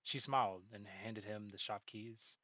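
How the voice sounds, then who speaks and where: A man's voice: fairly low pitch, fairly even intonation, unhurried, pushed and bright, dry recording. A man reading a story aloud in a casual way, laughing at his own slips. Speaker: reader. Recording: dull dry recording.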